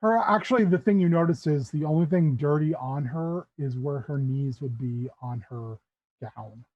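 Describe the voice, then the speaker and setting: Brief: man running a tabletop game, a bit high, loose rambling narration, dry lo-fi mic. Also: moderate pace. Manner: loose, rambling, many fillers. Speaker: game master.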